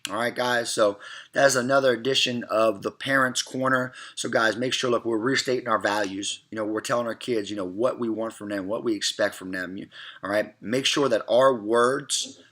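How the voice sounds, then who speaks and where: Man, middle-aged, bright tone, earnest parenting advice, casual and repetitive. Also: medium pitch, steady tone, normal speed. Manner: earnest, repetitive, peppered with "all right" and "look". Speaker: host of a parenting segment. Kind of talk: casual advice talk to camera.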